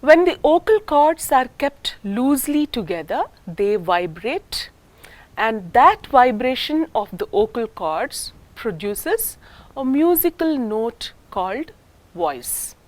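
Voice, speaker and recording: An Indian English woman gives a recorded lecture, unhurried and deliberate. Her voice sits a bit high. It swoops up and down as she teaches. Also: sing-song. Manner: slow, deliberate, explaining with spoken examples.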